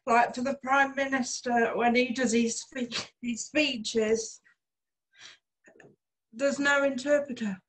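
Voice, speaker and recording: A young woman answering interview questions in short, plain, unhurried sentences. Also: sits high, fairly even intonation, poor audio. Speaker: interview guest.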